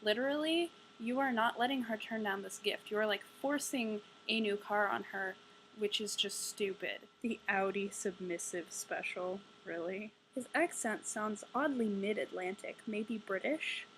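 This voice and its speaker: A woman's voice: medium pitch, measured pace, fairly bright tone, a little hiss or hum, rough recording. A young woman giving a casual ranting book review, exasperated, sarcastic and profane. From United States.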